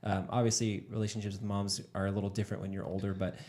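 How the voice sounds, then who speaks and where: A man's voice: lowish voice, level tone, fast talker, a little mellow. A young man hosting a casual podcast chat, laughing often and talking around his point with many fillers. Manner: giggly, rambling, lots of fillers. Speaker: podcast host.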